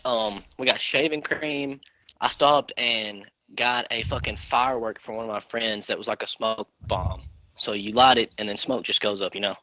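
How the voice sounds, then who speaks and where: A young man hosting a podcast, telling a prank story quickly and excitably, with a lot of swearing. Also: fairly low pitch, dry recording, rough recording. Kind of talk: casual storytelling.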